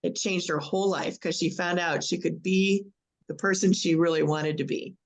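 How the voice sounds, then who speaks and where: A panelist telling a story with lively energy, acting out the quoted lines. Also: mid-range voice, normal speed, gravelly. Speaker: panelist, arts academy worker.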